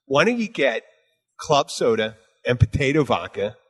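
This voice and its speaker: A man chatting casually as co-host, animated and ranting, swearing freely. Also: mid-range voice, normal speed, slightly rough. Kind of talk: casual chat.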